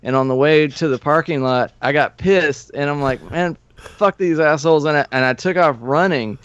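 A man's voice: mid-range voice, moderate pace, clear, resonant tone, no room sound. A man in his forties from Nashville, a former punk musician, talking as a podcast guest with rambling, profane stories and frequent chuckles. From Nashville, USA. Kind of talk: casual storytelling. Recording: dull, lo-fi, dry.

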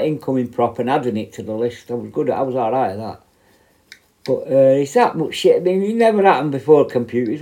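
Middle-aged bloke, prison officer, swears constantly, dark mellow tone, tells it blunt. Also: male voice, mid-range voice. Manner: blunt, heavy swearing, animated retelling. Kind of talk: casual storytelling monologue.

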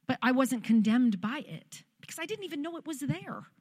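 A woman pastor speaks from the pulpit, with a voice that sits a little high. She shares a personal testimony in a sermon. Her manner is conversational and heartfelt, like storytelling to her congregation. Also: animated, fairly quick, darkish tone, husky, long reverb tail.

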